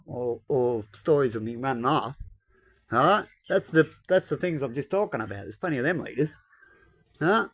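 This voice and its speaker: A man's voice: mid-range voice, animated, normal speed, a bit bright. A man rambling bluntly in a casual monologue, lecturing a listener and tossing in tag questions and mild swearing. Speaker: vlogger.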